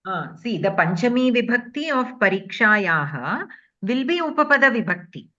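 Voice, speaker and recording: A woman's voice: on the high side, big pitch swings, moderate pace, sharp tone, highs cut off. Patient woman teaching grammar. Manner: patient, explanatory, checks in with "okay?". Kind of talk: online class explanation.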